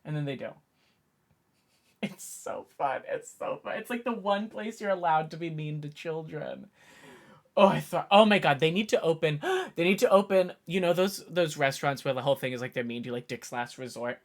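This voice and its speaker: A man's voice: on the high side, normal speed. A man in his twenties, a streamer chatting casually and jokingly with his viewers. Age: 20s. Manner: animated, jokey, talks to chat while typing. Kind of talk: casual live-stream chat.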